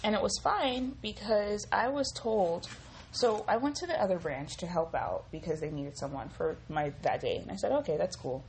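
A woman's voice: fairly low pitch, moderate pace, slight background noise, poor audio. Profane, rambling woman podcaster. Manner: profane, rambling, animated venting. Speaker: podcast host. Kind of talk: casual storytelling monologue. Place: home kitchen.

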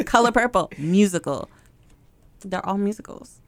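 A woman's voice: mid-range voice, animated, unhurried, a little mellow, no echo. A woman in casual chat, bluntly giving opinions and laughing often.

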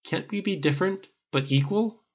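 A man voicing an earnest, polite, old-fashioned man who stammers when upset, with a gravelly voice on a dull recording. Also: medium pitch, animated, slow pace, pitched above the performer's own voice. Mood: distressed.

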